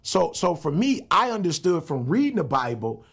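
A man's voice: a little high, very animated, moderate pace, creaky, fairly bright tone, breathy edge. A middle-aged man, a motivational speaker and pastor, talking as a guest in an emphatic, slangy, preacher-like way. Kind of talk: casual interview talk.

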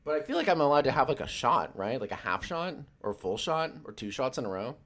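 A man's voice: mid-range voice, sing-song, fast talker, a bit bright. A young man chatting loosely on a stream, swearing often and rambling between jokes. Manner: profane, loose and joking, with many fillers. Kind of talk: casual rambling chat.

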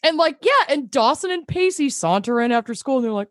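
A woman with a mid-pitched voice that moves a lot. She co-hosts a casual podcast, blunt and sarcastic, swearing freely. The sound is close and dry. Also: animated, a little fast, hardly any pauses, dry recording. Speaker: podcast co-host. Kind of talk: casual rewatch podcast chat.

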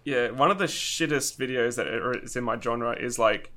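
Guy, mid-pitched, bright tone, easygoing wry chatter. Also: moderate pace. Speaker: tech YouTuber. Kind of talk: casual chat.

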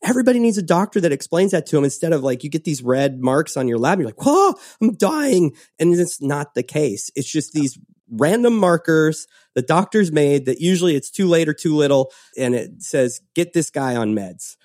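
A man hosting a casual podcast conversation, telling stories with lively acted-out quotes. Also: on the high side, a little fast, no echo, studio quality. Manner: animated storytelling, acts out quotes. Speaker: podcast host.

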